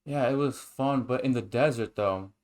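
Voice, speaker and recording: A young man co-hosting a casual chat and telling stories in a rambling, excitable, profane way. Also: mid-range voice, normal speed. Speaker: podcast co-host.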